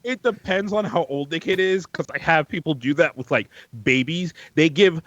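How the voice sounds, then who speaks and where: A man's voice: on the high side, normal speed, fairly bright tone, no room sound, highs cut off. A man in casual podcast chat, telling exasperated, swear-filled stories about his customer-service job. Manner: exasperated storytelling, swears freely. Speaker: podcast guest.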